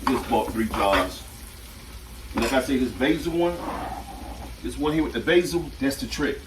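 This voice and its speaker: Man, laid-back cooking chatter, mic set back from him, loud pan sizzle. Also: medium pitch, normal speed, roomy sound, far from the mic, noisy background. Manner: chatty and relaxed, repeats himself often. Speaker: home cook and channel host. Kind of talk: casual cooking demonstration. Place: home kitchen at the stove.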